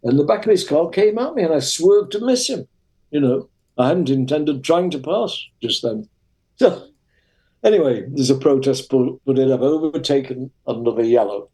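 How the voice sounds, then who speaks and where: A man's voice: on the high side, moderate pace, rough recording. An older man with a Lancashire English accent, a retired racing driver telling vivid anecdotes as an interview guest. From Lancashire, England. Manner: lively, vivid storyteller.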